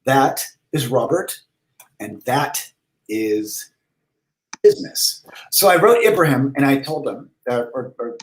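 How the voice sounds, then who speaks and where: A man's voice: medium pitch, lively intonation, takes it slowly, pauses often, echoey room, low-quality recording. A man hosting a live comedy stream, telling a story in a casual, rambling way with frequent restarts. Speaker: comedy performer and host.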